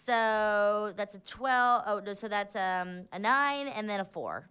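A woman player with a bright, smooth voice that swings widely in pitch. She describes her character's moves playfully and swears freely. Her delivery is animated and expressive. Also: slow pace. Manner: lively, profane, playful. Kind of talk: playing a tabletop game.

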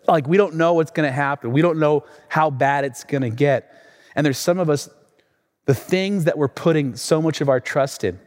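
A man preaching a sermon as pastor, telling a story with animated, emphatic repetition. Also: on the high side, big-room sound.

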